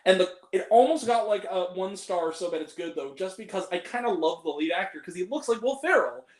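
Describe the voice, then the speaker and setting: Animated young man ranting about films. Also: high voice, a little fast, reverberant. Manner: animated, ranting, swears freely. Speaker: host. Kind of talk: casual film review chat.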